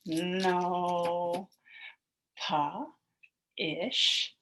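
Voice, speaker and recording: A woman's voice: mid-range voice, sing-song, extremely slow, pauses often, a bit bright, a little hiss or hum, rough recording. A woman teacher leading a phonics lesson for young children, sounding out word parts, blending them and praising the class in a sing-song way. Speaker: elementary school teacher.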